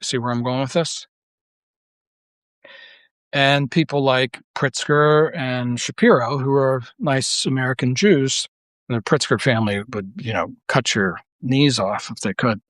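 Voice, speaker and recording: A man's voice: mid-range voice, measured pace, fairly bright tone, no room sound. Man, heated unscripted monologue, blunt, profane, rhetorical questions, dry close sound. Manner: rambling with restarts and rhetorical questions. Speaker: online commentator.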